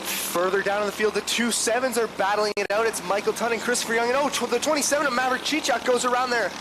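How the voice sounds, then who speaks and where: High voiced guy doing race commentary, engines roaring in the background. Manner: rapid lineup roll call, then excited calls. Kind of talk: live play-by-play commentary. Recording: noisy trackside broadcast with engine noise.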